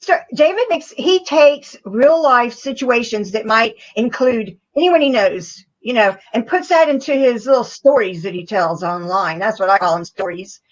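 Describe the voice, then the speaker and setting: A middle-aged woman talks in a halting, plain-spoken way with a slightly higher voice. The audio is muffled and lo-fi, like a call recording. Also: expressive. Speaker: guest. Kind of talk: casual call interview.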